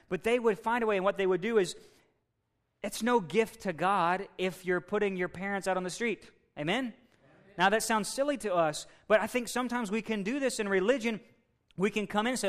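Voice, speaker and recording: Male pastor, slightly high and smooth voice, preaching with rising fervor. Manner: preaching, builds from low and measured to loud and excited. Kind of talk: sermon.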